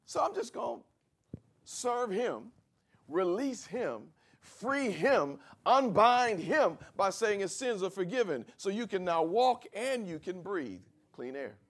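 A man's voice: sits high, sing-song, takes it slowly, fairly bright tone, full character voice. A preacher speaking as Jesus, patient and sure of his authority. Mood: earnest. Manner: earnest, explaining himself directly. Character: Jesus, grown man, patient authoritative teacher.

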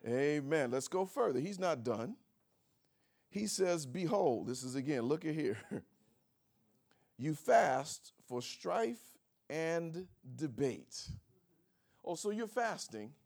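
A man preaching a sermon, asking rhetorical questions, calling for amens and chuckling between points. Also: a little high. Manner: swings from soft to shouting, rhetorical questions.

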